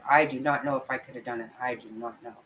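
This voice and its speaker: A woman's voice: extremely low pitch, fairly even intonation, fast talker, fairly bright tone, slight background noise, poor audio. A woman giving heated, profane commentary on a livestream, ranting and talking straight to her viewers. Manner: angry, profane, emphatic ranting; talks to viewers and apologizes for the outbursts. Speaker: true crime commentator.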